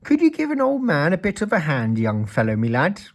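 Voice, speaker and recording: A man's voice: fairly high pitch, huge pitch swings, fairly quick, pitched above the performer's own voice. A man voicing a friendly old man who calls out for a hand in a folksy way. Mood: calling. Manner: calling out, folksy.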